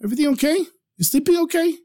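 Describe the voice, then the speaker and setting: A man storyteller voicing a humble, pious young male scholar who speaks gently and earnestly. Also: extremely high pitch, animated, rapid-fire, voice pushed up. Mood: gentle.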